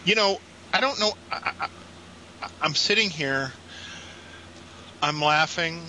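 A man's voice: fairly high pitch, expressive, measured pace, pushed and bright, a little hiss or hum, rough recording. A man calling into a chat show, exasperated and wry, ranting in a casual way. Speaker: caller.

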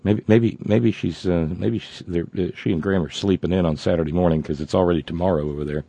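A man's voice: low-pitched, steady tone, quick pace, gravelly, mellow, no echo. A man hosting a political talk show, ranting sarcastically with many stumbling restarts.

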